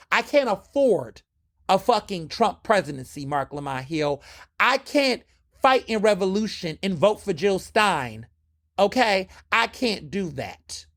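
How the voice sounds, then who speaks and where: A man hosting a podcast, delivering a fiery, profane political monologue. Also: sits high. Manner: fiery, profane, lively and emphatic. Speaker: podcast host.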